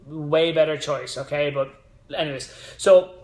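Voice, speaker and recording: A man's voice: fairly high pitch, a little slow, darkish tone. A man in his thirties, a fitness coach hosting a casual live stream, rambling with side notes and motivational asides. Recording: echoey room.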